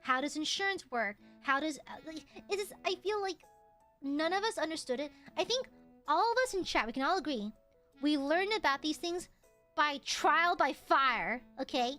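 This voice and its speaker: A young woman streaming, chatting casually with her chat, swearing freely and squealing when excited. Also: high-pitched, moderate pace, faint music behind.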